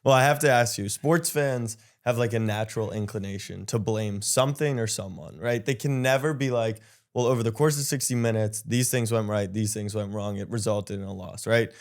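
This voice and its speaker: A man's voice: fairly low pitch, brisk. A man hosting a podcast, asking chatty, easygoing follow-up questions in casual conversation. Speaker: podcast host. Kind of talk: casual podcast interview chat.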